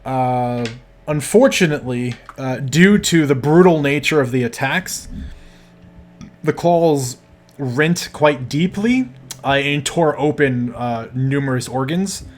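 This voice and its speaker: A man as game master narrating a tabletop role-play game in a measured, hesitant way with many fillers. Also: mid-range voice, lively intonation.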